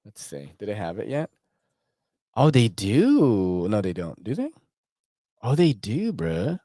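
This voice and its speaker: A man's voice: on the low side, wildly swooping pitch, takes it slowly, warm tone, dry recording, clean studio sound. A man vlogging about knives in a rambling casual chat, full of slang and frequent swearing. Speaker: knife vlogger.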